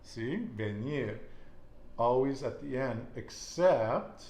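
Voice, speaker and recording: A man's voice: mid-range voice, moderate pace. A man teaching a Spanish lesson, patiently quizzing a student and repeating her answers back with encouragement. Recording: echoey room with faint noise.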